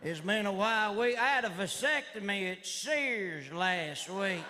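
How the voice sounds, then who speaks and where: A man doing a stand-up comedy routine, with a loud, rowdy redneck delivery full of catchphrases. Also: high-pitched, animated, a little slow. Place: comedy stage before a live audience. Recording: live show with loud audience laughter and noise.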